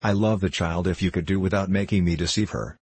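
A man voicing a timid, submissive wife who speaks gently and falteringly. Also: low voice, steady tone, quick pace, husky, dry recording. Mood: fearful.

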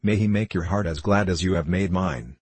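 A man's voice: deep voice, normal speed, a little mellow, slightly rough, no echo. A man voicing a frail, weary old peasant woman with a quavering voice in a storybook reading. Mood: plaintive.

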